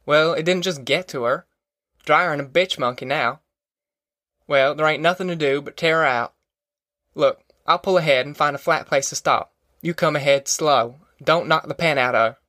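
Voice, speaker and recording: A man voicing a steady, practical young male farm worker in a rural drawl, in an audiobook. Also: a little high, moderate pace, dry recording, studio quality.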